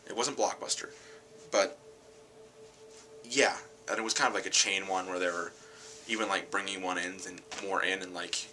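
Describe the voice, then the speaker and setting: A tired man rambling casually about an anime film, correcting himself often and getting animated when something annoys him. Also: deep voice, normal speed, long pauses, rough recording. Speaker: channel host.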